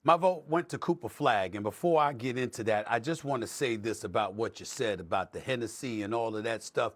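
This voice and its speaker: A man's voice: medium pitch, brisk, a bit bright. A middle-aged man hosting a sports debate show, arguing emphatically and stacking points into lists for effect.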